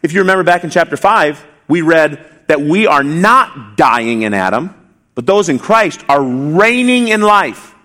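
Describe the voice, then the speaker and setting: A man's voice: fairly high pitch, sing-song, measured pace, sharp tone. A male pastor preaching an expository sermon, emphatic, asking rhetorical questions and repeating key phrases.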